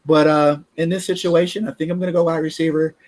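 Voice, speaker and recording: A man co-hosting a casual sports podcast, relaxed and chatty, sometimes tripping over his words. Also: a little high, quick pace. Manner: relaxed, chatty, laughs easily, stumbles on words. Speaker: podcast co-host. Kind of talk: casual sports talk, mock draft.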